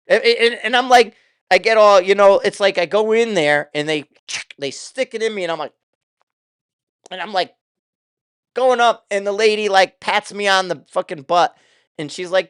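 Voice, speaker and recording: A man's voice: high-pitched, normal speed, a bit bright, smooth, dry recording, studio quality. An older man hosting his own show, talking in a casual, rambling way with loose, profane asides. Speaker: show host.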